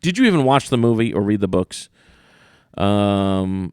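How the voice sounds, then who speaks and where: A man co-hosting a podcast in casual chat, animated and dismissive as he rants. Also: medium pitch, a little slow, smooth, dry recording, studio quality. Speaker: podcast co-host.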